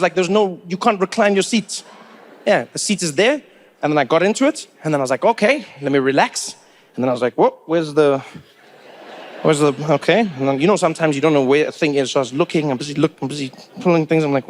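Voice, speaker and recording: A man telling a stand-up story, acting out each scene. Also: on the high side. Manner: animated, acts out scenes. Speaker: comedian.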